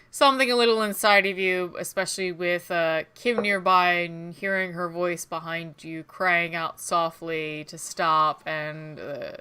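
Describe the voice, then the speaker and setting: Woman storyteller running the table: bright, very clear voice, narrates scenes patiently with fillers. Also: on the low side. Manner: descriptive narration with many "uh"s. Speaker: game master.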